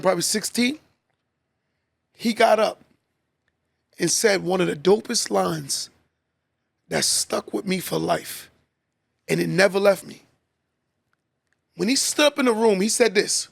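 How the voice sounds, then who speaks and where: Gravelly high-voiced man preaching. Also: fairly bright tone, no echo. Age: adult, father of a son. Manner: preachy, repeats key lines for emphasis. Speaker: podcast host. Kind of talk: motivational monologue.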